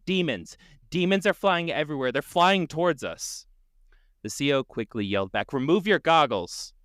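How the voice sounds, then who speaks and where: A man's voice: lowish voice, no echo, studio quality. A man hosting a podcast, telling a story dramatically, swearing casually and laughing often.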